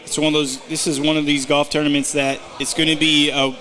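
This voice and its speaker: A man's voice: on the high side, flat delivery, brisk, sharp tone. A man co-hosting a podcast, casually running through his betting tips with plenty of fillers and restarts. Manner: rambling, with many fillers and restarts. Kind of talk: casual chat.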